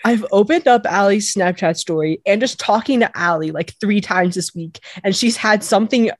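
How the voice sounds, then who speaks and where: A woman's voice: medium pitch, moderate pace, no room sound. A young woman co-hosting a casual podcast over a video call, giggling and laughing often. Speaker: podcast co-host. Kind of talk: casual chat.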